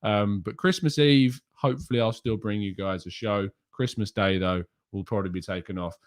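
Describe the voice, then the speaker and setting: A man's voice: lowish voice, moderate pace, smooth. A young man hosting a casual live stream, chatting and reading out viewers' names and comments. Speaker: host.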